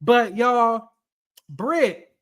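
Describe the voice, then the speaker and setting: A woman talks through a reality show episode in casual reaction commentary. She is blunt and profane and hammers her points home by repeating them. Her voice sits a little high and she takes her time. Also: very animated, extremely slow.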